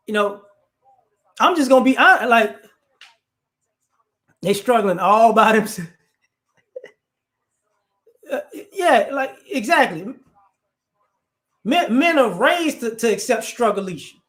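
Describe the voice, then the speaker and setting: High-voiced man giving animated commentary. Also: a little slow, pauses often. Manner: animated, joking, rambling, with many asides. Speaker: host giving opinions to a live chat. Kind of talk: casual commentary.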